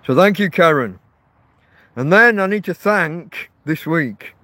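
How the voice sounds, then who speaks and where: A man's voice: a little high, expressive, takes it slowly, sharp tone, dry recording. A man rambling casually to his viewers, recorded outdoors in a windy field on a phone. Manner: rambling, self-correcting, chatty. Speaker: vlogger living rough in a field camp. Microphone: phone held in portrait mode. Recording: wind and faint outdoor noise on a phone.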